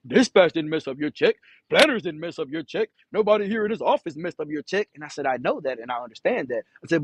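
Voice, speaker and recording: A man's voice: a little high, breathy edge, no room sound. Profane, rambling trucker man. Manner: rambling, profane, repeats himself, stutters. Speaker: truck driver vlogger. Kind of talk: casual storytelling to camera. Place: in his truck.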